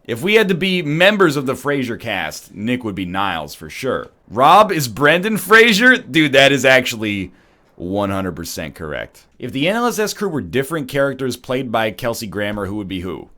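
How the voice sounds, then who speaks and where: Canadian guy, playful gaming commentary, lively pitch swings. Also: normal speed. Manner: rambling, jokey, sarcastic. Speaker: let's play streamer.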